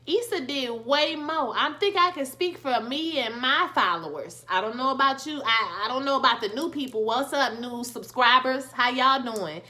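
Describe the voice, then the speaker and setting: A woman with talks through a TV episode recap in a lively, sassy way. Her voice sits high and bright. She exclaims freely and speaks straight to her viewers. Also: normal speed, few pauses. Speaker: YouTube TV recap host. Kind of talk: casual spoken show review.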